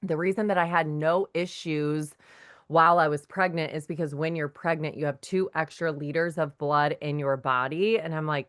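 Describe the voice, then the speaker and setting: A talkative woman tells her testimony to a faith group. Her voice sits low and sounds smooth and clear. She acts out the words of the people in her story as she goes. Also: fairly even intonation, normal speed, fairly bright tone. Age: 30s. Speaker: guest sharing her testimony. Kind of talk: personal testimony in a faith meeting.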